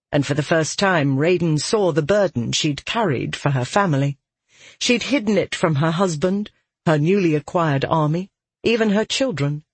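A man reading a fantasy audiobook aloud in a measured, steady narration. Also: on the high side, husky, no echo.

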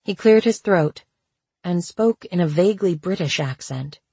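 Measured audiobook narrator, slightly husky. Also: mid-range voice, no echo. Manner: steady, measured reading. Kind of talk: scripted narration.

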